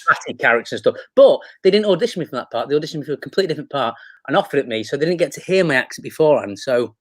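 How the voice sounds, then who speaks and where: Manchester guy on a video call, slightly high voice, dry sound, rambly self-deprecating stories. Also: lively intonation, very fast, a bit bright, dry recording. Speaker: guest, actor. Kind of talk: casual chat.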